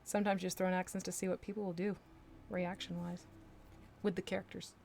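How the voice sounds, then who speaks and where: A woman's voice: on the low side, flat delivery, quick pace, vocal fry, darkish tone, slight background noise. A woman chatting casually on a live stream as she paints miniatures, laughing often and playing with voices.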